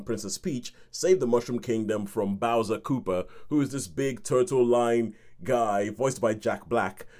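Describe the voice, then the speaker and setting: A man with a fairly low, darkish voice hosts a film review podcast. Chatty and laughing often, he acts out his own reactions and hums tunes.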